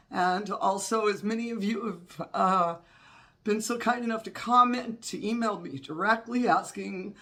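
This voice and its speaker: Stuffy-nosed woman in her 50s rambling slowly for her channel, lots of fry in the voice. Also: medium pitch, a bit bright. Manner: rambling, candid and personal. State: congested from a cold. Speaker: witchcraft channel host. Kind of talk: casual vlog talk.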